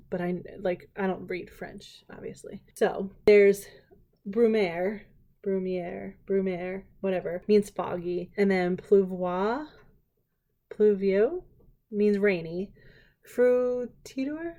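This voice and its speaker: A woman hosting a casual solo podcast, chatty and jokey, full of "like" and quick asides, often laughing. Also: mid-range voice, dark tone. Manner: laughs often and slips into silly put-on voices. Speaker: podcast host.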